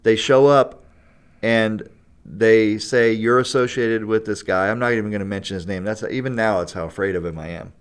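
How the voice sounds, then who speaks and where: A man's voice: fairly low pitch, steady tone, moderate pace, clean tone. A man telling a long story in a casual podcast chat. He laughs often and keeps checking in with "right?" and "you know". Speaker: guest storyteller.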